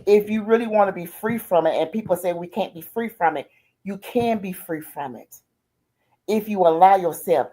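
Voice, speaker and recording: A woman's voice: medium pitch, moderate pace, dark tone. An older woman, a grandmother, telling her life story in a streamed interview, heartfelt and colloquial, often repeating "I said" and "she said". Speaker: guest.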